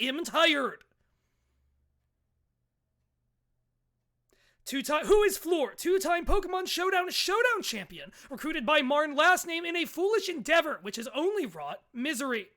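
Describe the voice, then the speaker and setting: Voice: sits high, sharp tone, heavily acted. A co-host putting on an over-the-top news reporter voice to read a boastful, mock-menacing promo. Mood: grandiose. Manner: announcer delivery, grandiose and mock-menacing.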